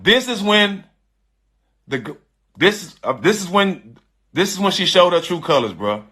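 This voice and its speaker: A man's voice: sits high, big pitch swings, moderate pace, bright, forceful tone, slightly rough. A man, a retired pro basketball player, telling a personal story to a live audience in a casual, emphatic way, full of slang and repetition. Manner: emphatic, repetitive, street slang, addresses listeners directly.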